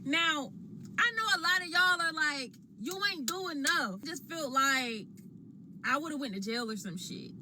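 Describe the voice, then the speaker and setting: A woman telling what happened to her in a slangy, expressive way, talking while she eats. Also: high voice, unhurried, noisy background. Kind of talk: animated storytelling to a phone camera.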